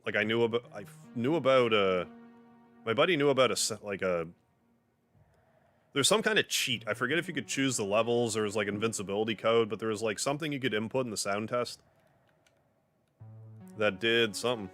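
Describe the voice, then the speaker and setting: A man's voice: fairly low pitch, fairly quick, long pauses, fairly bright tone, soft background music. A man streaming a video game live, talking casually and rambling with lots of "like" as he plays and chats with viewers. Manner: rambling, chatty, heavy use of "like". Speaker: gaming livestreamer. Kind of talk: casual live commentary while playing a game. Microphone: desk microphone.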